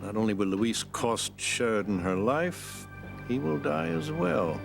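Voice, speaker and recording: An actor playing a ruthless, powerful patriarch who speaks with slow, deliberate menace. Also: male voice, mid-range voice, animated, gravelly, music in the background. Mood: gloating. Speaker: scheming wealthy father. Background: soap opera score.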